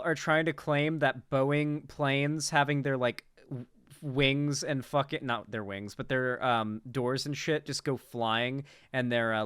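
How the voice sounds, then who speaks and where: Young guy ranting on stream, cursing, rambling, crisp clean voice, dead dry room. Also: medium pitch, a bit bright, no echo. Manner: profane, incredulous, rambling. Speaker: political commentary streamer. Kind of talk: casual reaction commentary.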